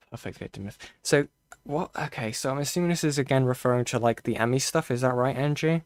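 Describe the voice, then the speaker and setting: A man's voice: mid-range voice, fast talker, no room sound. A man giving casual live-stream commentary, thinking aloud with restarts, frequent okays and the odd curse, close to his mic. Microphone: close desk mic.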